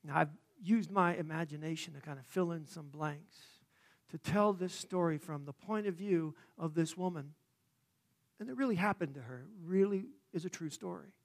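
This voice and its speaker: A man preaching a sermon, praying and then telling a story dramatically, swelling loud and dropping to a hush. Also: a little high, normal speed. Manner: dramatic, swelling and hushing by turns. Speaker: pastor.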